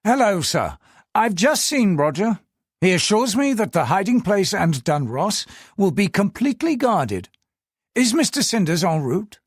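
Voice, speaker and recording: A man's voice: sits high, sing-song, measured pace, slightly rough, no room sound, studio quality, voice pushed up, exaggerated voice. A man doing a testy, raised-voice old governor. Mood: formal. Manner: clipped, upper-class, wistful. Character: older male British colonial governor, testy, brooding.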